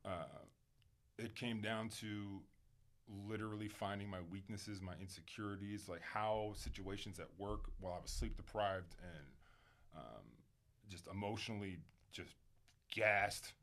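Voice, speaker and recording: A man speaking candidly as a podcast guest, emphatic and animated at times, then quiet and reflective, swearing casually and using plenty of fillers. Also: lowish voice, unhurried. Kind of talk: candid conversational interview.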